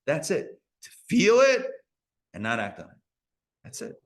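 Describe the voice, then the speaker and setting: This rabbi teaches a live Torah class at a community center, chatting conversationally and tossing playful asides to his audience. His male voice is a little high and creaky, unhurried, with huge swings in pitch.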